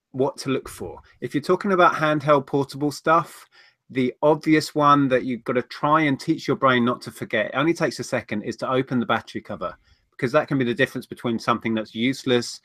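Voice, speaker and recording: A man's voice: medium pitch, fairly bright tone, no echo, studio quality. Chatty man on a livestream. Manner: chatty, rambling, answers viewer questions. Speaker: co-host of a reselling livestream. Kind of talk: casual livestream chat.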